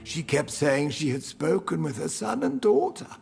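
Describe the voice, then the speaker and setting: Nervous deferential butler in a game, high gravelly voice, slow fretful speech. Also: male voice, sing-song, exaggerated voice. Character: anxious loyal old household servant. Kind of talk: video game acting. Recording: game audio with faint music.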